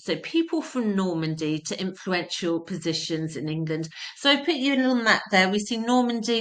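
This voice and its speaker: A woman's voice: mid-range voice, a bit bright. A woman teaching a history lesson, explaining terms simply and repeating key points for emphasis.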